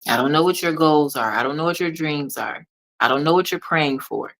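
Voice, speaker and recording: A bit quick and with a fairly bright tone, a deep-voiced woman delivers a consultant's motivational monologue, speaking directly and preachily to the listener and repeating key lines for emphasis. The recording quality is low.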